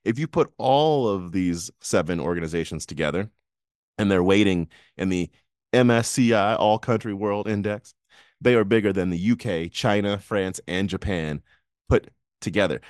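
Low-voiced man in dry casual chat. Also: normal speed, darkish tone, no room sound. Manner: laughs often, rambling with restarts. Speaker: podcast co-host.

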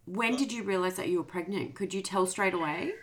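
A woman interviewing a guest, asking short questions between warm reactions. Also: mid-range voice, fairly quick. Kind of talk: podcast interview.

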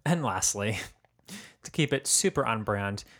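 A man's voice: lowish voice, lively intonation, unhurried, fairly bright tone. A man co-hosting a podcast, chatting casually and laughing often as he reads listener messages. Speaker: podcast co-host. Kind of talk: casual chat.

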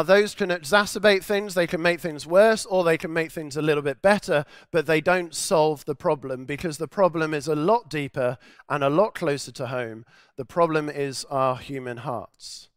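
Earnest preacher man, smooth clear voice. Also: on the high side, a bit bright, no echo, studio quality. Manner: earnest, emphatic repetition. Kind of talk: sermon.

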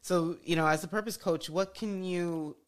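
A woman hosts a podcast interview in a low-pitched voice. She reflects on her own experience and affirms her guest warmly in her words, then moves the talk along. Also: moderate pace. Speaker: podcast host.

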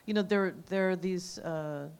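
A woman moderating a panel, chatting in a relaxed, good-humored way. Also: on the low side, measured pace, clear, resonant tone. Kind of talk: casual closing remarks.

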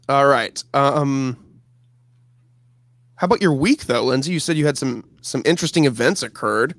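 A man's voice: mid-range voice, normal speed, a bit bright, dry recording. A man co-hosting a podcast, chatting in an upbeat, rambling way with fillers. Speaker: podcast co-host. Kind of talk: casual chat.

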